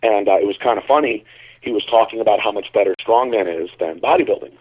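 A man from Connecticut, a bodybuilder, telling a story in a relaxed, rambling way on a call-in show, heard over a tinny phone line. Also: fairly low pitch, quick pace, a little hiss or hum. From Connecticut, USA. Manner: relaxed, rambling, lots of fillers. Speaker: bodybuilder and caller.

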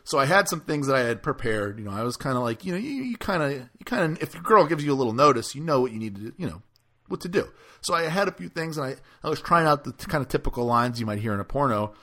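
A man hosting a podcast, telling a casual story in a rambling, halting way with lots of fillers. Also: mid-range voice, expressive, fairly bright tone. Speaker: podcast host.

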